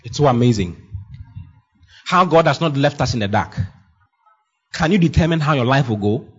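Male preacher, husky and emphatic, with a muffled lo-fi recording. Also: medium pitch, expressive, normal speed. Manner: emphatic, repetitive declarations, swings from loud to hushed. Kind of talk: sermon. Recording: dull lo-fi sound.

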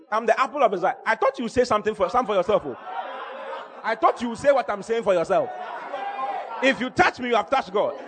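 A man preaching a sermon in an animated way, repeating phrases and breaking into shouts. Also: high voice.

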